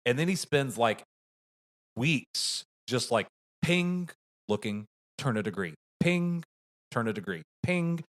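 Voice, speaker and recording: A man co-hosting a casual movie review podcast, telling stories with lively acted-out bits. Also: medium pitch, measured pace. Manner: animated storyteller, acts out voices. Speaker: podcast co-host.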